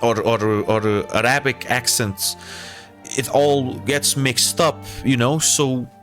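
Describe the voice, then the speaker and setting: A man's voice: mid-range voice, slow, a bit bright, faint music behind. A man with a Portuguese accent, a native Portuguese speaker, chatting casually with viewers as a game streamer, repeating himself and calling people brother.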